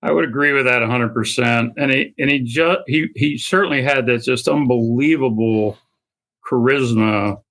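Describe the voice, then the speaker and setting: An older man speaking as an interview guest, earnest and halting, with many fillers and repeated starts. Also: medium pitch, fairly bright tone. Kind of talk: conversational interview.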